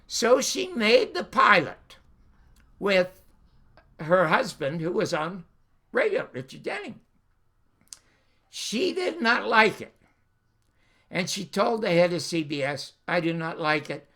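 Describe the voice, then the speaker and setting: An older man hosting his own show, telling a showbiz anecdote in an animated way and acting out the voices. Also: sits high, slow, pauses often. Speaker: show host. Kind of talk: anecdotal storytelling.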